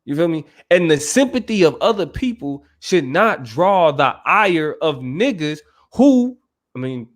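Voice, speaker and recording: A man's voice: a little high, sing-song, a little slow. A man co-hosting a casual podcast discussion, talking emphatically and checking in with his listener. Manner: emphatic, keeps asking "you feel me". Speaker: podcast co-host.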